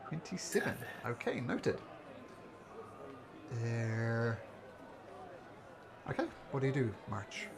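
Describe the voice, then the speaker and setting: A man narrating as game master, describing scenes in a relaxed way with fillers. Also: mid-range voice, takes it slowly, creaky, pauses often, a crowd in the background.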